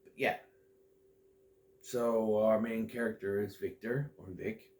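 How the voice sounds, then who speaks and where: A man's voice: lowish voice, steady tone, takes it slowly, a little mellow. A man giving a casual, rambling movie recap that meanders and often loses its thread. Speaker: movie reviewer.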